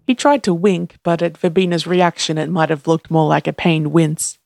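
A narrator reading a story aloud in a steady, even voice, doing every character themself. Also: mid-range voice, moderate pace, creaky, hardly any pauses, no echo, clean studio sound. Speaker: audiobook narrator.

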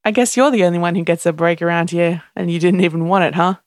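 A woman voicing a cheerful young nurse who talks brightly and briskly while she works. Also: on the low side, fairly even intonation, no room sound, clean studio sound, close to an everyday voice. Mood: friendly.

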